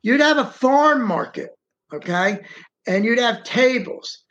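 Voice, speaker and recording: Slow-talking middle-aged man telling his story. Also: very high-pitched, animated, fairly bright tone. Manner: rambling and repetitive, recounts in present tense. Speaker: interview guest. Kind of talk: first-person storytelling. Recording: dull, muffled audio.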